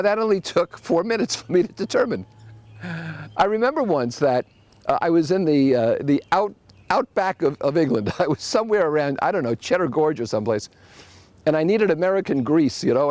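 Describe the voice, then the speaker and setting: A man with a slightly high voice hosts his own podcast, swinging his pitch widely as he spins wry little anecdotes. The sound is close and dry, with no room around it. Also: a little fast, no echo. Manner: wry, storytelling, animated asides. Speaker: podcast host. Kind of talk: solo podcast monologue with anecdotes.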